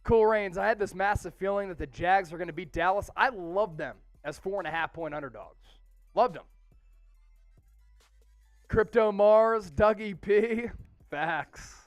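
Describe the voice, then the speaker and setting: Man, watch party host, excited stream chat, smooth voice, high pitch. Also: a little slow, pauses often, dry recording, faint music behind. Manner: hyped, reads viewer names and super chats aloud.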